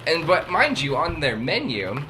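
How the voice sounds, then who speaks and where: A man's voice: fairly high pitch, big pitch swings, pushed and bright, slight background noise. A young man co-hosting a podcast in casual chat, joking and laughing easily. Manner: laughs easily, quick jokey interjections. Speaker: podcast co-host.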